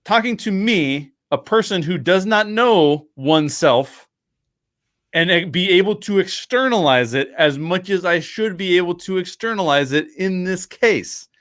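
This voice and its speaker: Animated male storyteller, dry close sound. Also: sits high, measured pace, no echo. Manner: animated storyteller, acts out quoted dialogue; many fillers and restarts, frequent laughs. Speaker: podcast guest, writer. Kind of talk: casual interview storytelling.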